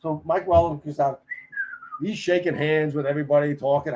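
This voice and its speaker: An older man, a retired firefighter, telling stories as a guest in a casual podcast interview, animated and chatty and acting out the people in them. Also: on the high side, quick pace, low-quality recording. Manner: animated storyteller who acts out the people he quotes; chatty, with frequent restarts.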